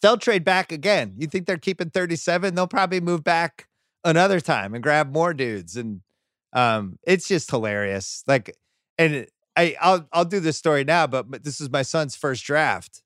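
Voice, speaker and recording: A man hosting a podcast, chatting casually about sports and acting out quotes in sudden high bursts. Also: normal speed, fairly bright tone, dry recording, studio quality. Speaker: podcast host.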